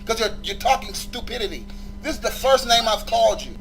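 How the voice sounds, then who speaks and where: A man's voice: very high-pitched, brisk, vocal fry, a bit bright, soft background music, low-quality recording. A man ranting aggressively and with passion in a profane vlog, arguing with his viewers and with a woman on the phone. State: injured leg. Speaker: vlogger.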